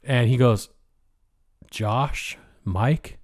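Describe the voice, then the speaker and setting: A man's voice: mid-range voice, very slow, darkish tone. A young adult man with a Pacific Northwest American accent, co-hosting a podcast and telling a story in a rambling way, swearing a lot and whispering the lines he quotes. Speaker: podcast co-host. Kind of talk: casual storytelling chat.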